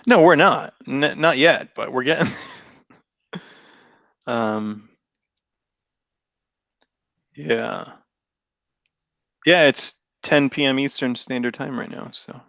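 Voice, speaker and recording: A man's voice: mid-range voice, slow pace, vocal fry, long pauses, fairly bright tone, no room sound. A man with a Boston accent hosting a casual chat over a video call, easygoing, laughing often and rambling through restarts. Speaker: podcast host.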